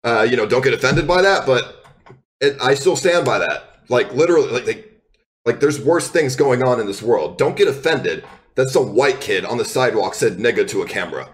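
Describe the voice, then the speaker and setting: Expressive and a little fast, a young streamer with a mid-range voice goes on an unscripted, heated rant at his viewers. He's defensive, swears a lot, and keeps restarting as he rambles.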